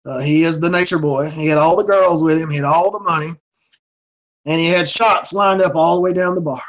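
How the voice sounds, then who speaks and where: A man in his forties from North Carolina speaks with a fairly high-pitched voice. He tells his story in relaxed, casual chat as an interview guest, stammering and doubling back on words as he gets going. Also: fairly quick, poor audio. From North Carolina, USA. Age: 40s. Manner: stammering, repeats words when excited. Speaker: guest, professional wrestler.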